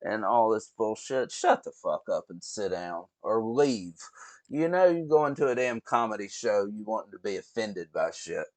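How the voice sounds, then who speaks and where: A man's voice: on the low side, lively intonation, normal speed, a little mellow, no echo. A man hosting a reaction video, rambling and swearing as he talks straight to his viewers. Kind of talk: casual reaction commentary.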